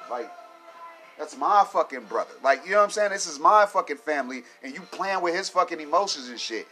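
A man's voice: on the high side, brisk, faint music behind. Profane slang-heavy man venting. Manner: heavy slang and swearing, rising to loud animated venting. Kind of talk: casual profane rant.

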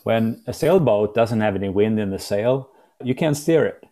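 A man's voice: lowish voice, lively intonation, normal speed, dark tone. A man hosting a podcast interview, speaking in an earnest, encouraging way. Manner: earnest, encouraging, uses metaphors. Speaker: podcast host. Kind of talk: interview conversation.

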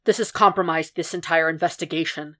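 A woman voicing a furious, profane middle-aged male FBI boss who shouts and snarls in a podfic reading. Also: low voice, steady tone, brisk. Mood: curt.

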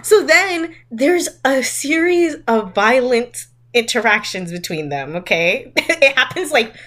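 A woman's voice: on the high side, animated, a little slow, a bit bright. A woman co-hosting a casual podcast, talking animatedly and laughing often as she retells and mocks a movie. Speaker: podcast co-host. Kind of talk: casual chat.

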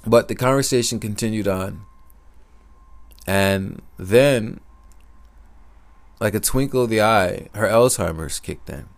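A man sharing a personal story in a reflective, soft-spoken, unhurried way. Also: fairly low pitch, vocal fry, dry recording. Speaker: podcaster.

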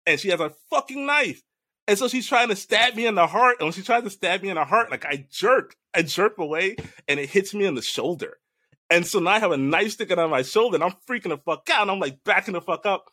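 Man, casual podcast storyteller, lively and bright, swears a lot, dry close mic. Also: high voice, fast talker, dry recording. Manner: animated storyteller, swears freely, laughs often. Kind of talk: casual chat, recounting a dream.

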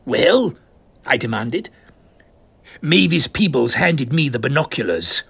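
A man's voice: medium pitch, lively intonation, measured pace, vocal fry, pushed and bright, slightly rough. A man doing a pompous old English gent. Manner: pompous, posh old-fashioned slang. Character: pompous elderly English gentleman adventurer. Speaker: storyteller. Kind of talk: comic first-person narration.

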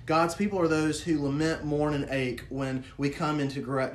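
A man preaching a sermon with earnest feeling. He asks his listeners questions and drops to a hushed, low voice on words of grief. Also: steady tone, normal speed, hardly any pauses.

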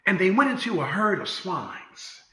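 A man preaching a sermon in a rhythmic style, full of "uh" fillers and repeated refrains, rising to shouts and sinking to quiet prayer. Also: big pitch swings, normal speed, roomy sound. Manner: swings from shouted exhortation to quiet, low prayer.

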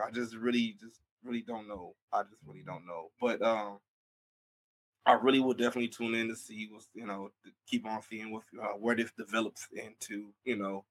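A young man hosting a casual wrestling recap, excitable and animated, often repeating his words. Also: fairly low pitch.

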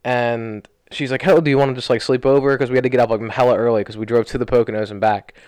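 Medium-pitched and recorded dry, this young man is a podcast co-host speeding through a rambling anecdote. He keeps saying "like" as he animatedly retells it in casual conversation over a studio podcast mic.

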